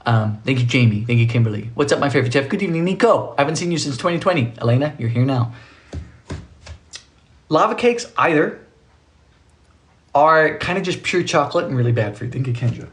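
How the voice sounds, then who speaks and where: A man's voice: medium pitch, expressive, fairly quick, pauses often. A man hosting a live baking stream from his small home kitchen, chatting casually, joking and thanking viewers by name. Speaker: baking livestream host.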